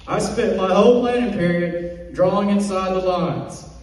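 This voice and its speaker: A man performs a stand-up set, delivering self-deprecating jokes in a mellow, slightly high voice. He is picked up from far off on stage, and his words ring through a big echoey room with a long reverb tail. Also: moderate pace, slight background noise. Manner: self-deprecating punchlines with acted quotes. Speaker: stand-up comic. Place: comedy club stage. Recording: distant echoey hall recording.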